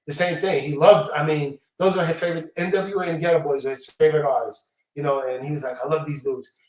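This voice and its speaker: A man's voice: fairly high pitch, fast talker, recorded from a distance. A middle-aged man, telling stories casually in slangy talk and acting out the quotes. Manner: slangy, animated, acts out quotes. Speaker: hip-hop producer guest. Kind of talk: casual storytelling interview. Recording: roomy, off-mic echo.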